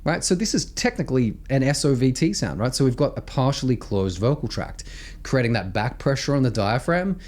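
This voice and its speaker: Lively Australian man coaching singing. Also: mid-range voice, a little fast. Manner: animated, emphatic, peppers speech with "right?". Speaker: vocal coach. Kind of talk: instructional explanation with sung demos.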